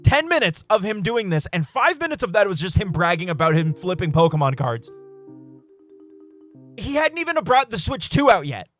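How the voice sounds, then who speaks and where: A man streaming a game and telling a story in a casual, animated way, swearing and laughing often. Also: high voice, normal speed, soft background music. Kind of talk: casual live-stream chat while gaming.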